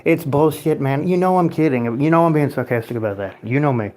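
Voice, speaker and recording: A man's voice: on the high side, brisk, darkish tone. A man hosting a livestream, reading out chat comments and giving his loose, sarcastic opinions, with frequent swearing and laughs. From United States. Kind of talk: casual rambling livestream chat.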